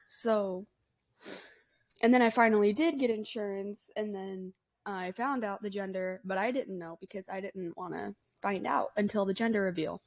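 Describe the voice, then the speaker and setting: A woman in her twenties, a mother, talking bluntly and chattily to camera in a casual vlog. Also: mid-range voice. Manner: blunt, chatty, laughs often. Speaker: vlogger, mother.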